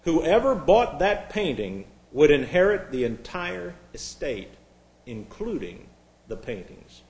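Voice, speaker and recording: A man's voice: on the high side, very animated, slow, a little mellow, roomy sound, full character voice, low-quality recording. A man telling a story and voicing a persistent, formal male auctioneer who calls out bids to a crowd. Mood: solemn. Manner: calling out bids, pressing the crowd.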